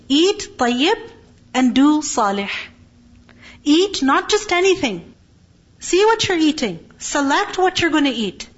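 Woman teacher, high voice, religious lesson, asks the class questions and answers them, dull lo-fi recording. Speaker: Quran teacher.

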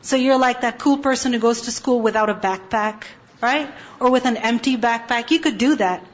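A woman with a fairly high voice teaches an Islamic lesson to teenagers. She keeps asking questions and answering them herself, and she recites verses in Quranic Arabic. The recording sounds dull and lo-fi. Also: moderate pace. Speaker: religious teacher.

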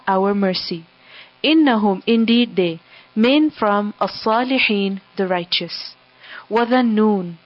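Brief: woman reader, mid-pitched, measured word-by-word recitation with gloss, dull dry lo-fi sound. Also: no room sound. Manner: measured, pausing after every word or phrase. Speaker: scripture reader and translator.

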